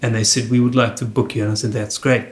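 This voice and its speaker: A man telling comic stories in casual chat, animated and jumping high in pitch when he quotes people. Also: quick pace, roomy sound, a little hiss or hum.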